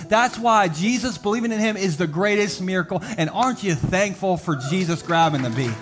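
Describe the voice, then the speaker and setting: A man with a high, bright voice preaches a lively sermon in a church sanctuary, telling funny everyday stories and acting out quick character voices. When he reaches his main points he slows to a heavy, deliberate cadence. Soft music plays faintly behind him on a live service recording. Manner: humorous storytelling, animated voices for quoted characters. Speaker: pastor.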